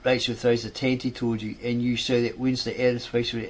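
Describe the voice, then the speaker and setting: Flat-voiced man rambling through a story. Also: medium pitch, fast. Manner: rambling, self-correcting. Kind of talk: reading a fan story aloud.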